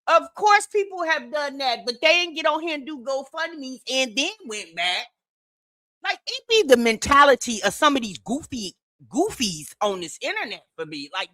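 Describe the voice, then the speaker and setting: Bright, animated woman podcast host. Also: sits high, measured pace, no room sound. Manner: lively, sassy, laughing asides. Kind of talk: casual commentary chat.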